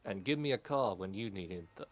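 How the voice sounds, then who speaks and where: A man with a fairly low voice, speaking as a player in a tabletop role-playing game. He talks playfully, with a sarcastic edge to his lines. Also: lively intonation, fairly quick.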